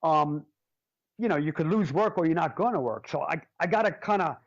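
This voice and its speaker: Animated joking male drummer, lo-fi. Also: fairly high pitch, fairly quick. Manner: animated, jokey, swears freely. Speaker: drummer, interview guest. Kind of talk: casual storytelling.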